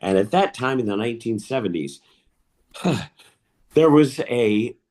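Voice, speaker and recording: Man in his 50s, stand-up comic, lively pitch swings, confiding storyteller, home video-call mic. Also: takes it slowly. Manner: confiding, animated storyteller who admits to nerves. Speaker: stand-up comedian.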